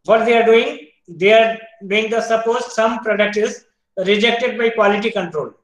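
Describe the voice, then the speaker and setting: A man with an Indian English accent giving an online university lecture, explaining step by step, quizzing students, often pausing with "uh". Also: high voice, a bit bright, reverberant, poor audio. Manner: explains step by step, asks students questions, frequent "uh" fillers.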